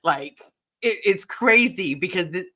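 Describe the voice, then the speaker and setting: Bright, earnest, halting podcast voice. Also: mid-range voice, expressive. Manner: earnest, emotional, halting restarts. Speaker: podcast co-host. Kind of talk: casual podcast chat.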